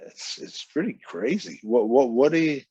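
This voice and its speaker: A man's voice: medium pitch, lively intonation, moderate pace, warm tone, husky, dry recording, dull audio. A man, a wrestling guest telling long rambling stories in a casual interview, acting out the people he quotes. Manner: rambling anecdotes with quoted voices.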